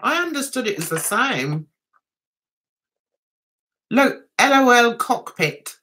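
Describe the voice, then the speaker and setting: A woman's voice: fairly high pitch, big pitch swings, slow, pushed and bright. A woman from England hosting a casual livestream chat, reading out viewer comments and giggling often. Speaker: livestream host.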